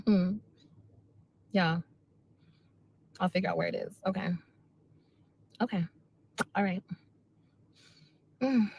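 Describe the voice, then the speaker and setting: A woman's voice: medium pitch, slow pace, vocal fry, pauses often, darkish tone, slightly rough. A woman venting on a livestream, repeating herself in a frustrated, emotional rant. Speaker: mother speaking on a livestream.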